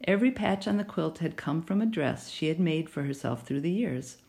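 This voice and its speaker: A woman narrating a children's novel in an expressive storytelling manner. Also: sits low, normal speed, vocal fry. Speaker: audiobook narrator.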